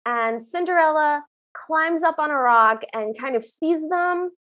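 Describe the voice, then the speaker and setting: A woman's voice: high-pitched, unhurried. A woman co-hosting a podcast, retelling a movie scene by scene in casual chat and acting out the characters' lines as she goes. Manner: animated storytelling, acts out the characters' lines. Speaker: podcast co-host.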